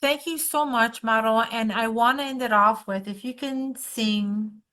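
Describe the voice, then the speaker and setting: A woman's voice: on the high side, steady tone, a little slow, bright, forceful tone. A middle-aged woman hosting a podcast, effusive and gushing with thanks. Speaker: podcast host. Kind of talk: emotional podcast interview.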